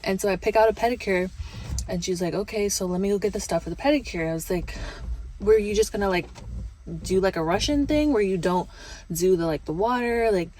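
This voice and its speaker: A young woman with a slightly low voice tells a casual vlog story. Her delivery is chatty and animated, full of fillers. Faint ambient noise sits behind her. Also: poor audio. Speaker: vlogger.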